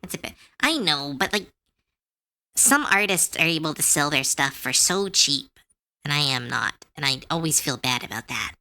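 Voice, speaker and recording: A woman artist chatting casually on a livestream while she draws, talking in a chatty, animated way with many fillers and restarts. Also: low-pitched, moderate pace. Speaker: artist streamer.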